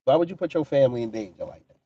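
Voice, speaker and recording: A man's voice: medium pitch, lively intonation, very fast, husky, dry recording, dull audio. A man hosting a casual livestream, talking in a profane, mocking way and answering his chat. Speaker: livestream commentary host.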